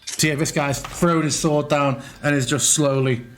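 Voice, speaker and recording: A man's voice: on the high side, fairly even intonation, normal speed. A man running an online tabletop game as game master, talking casually and swearing freely.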